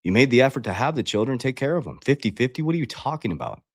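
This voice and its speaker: With big pitch swings and a very fast delivery, the man's mid-range voice carries a breathy edge. He's a life coach on a livestream, confrontational and profane, talking straight to viewers he calls "guys" in a motivational talk. The studio sound is clean, with no room sound.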